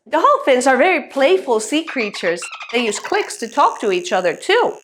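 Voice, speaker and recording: A woman teaching songs to young children, playful and exaggerated, with a slow sing-song delivery. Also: high voice, very animated, a bit bright. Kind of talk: singsong preschool lesson.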